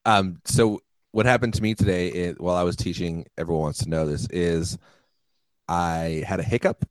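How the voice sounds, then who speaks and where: Deep-voiced man chatting on a podcast. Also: steady tone, normal speed, no echo, poor audio. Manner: chatty, laughs often. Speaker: podcast co-host. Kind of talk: casual chat.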